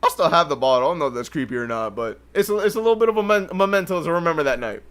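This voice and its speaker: A young man hosting a podcast alone, telling a story in an animated, profane way and laughing often. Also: fairly high pitch, rapid-fire. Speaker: podcast host. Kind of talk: casual storytelling. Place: home livestream setup.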